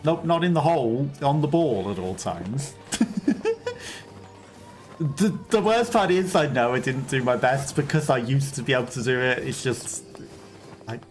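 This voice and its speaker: A man's voice: medium pitch, expressive, unhurried, long pauses, faint music behind. A man casually chatting on a game livestream, rambling and chuckling often between remarks. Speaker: game streamer.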